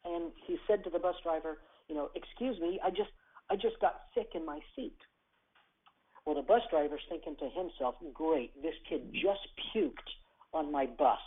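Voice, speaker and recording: A guest on a call-in show telling a story with energy, acting out the people in it and shifting loudness and pace. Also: medium pitch, fairly quick, breathy edge. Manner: acts out quoted characters, varies loudness and pace. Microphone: telephone. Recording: tinny phone line.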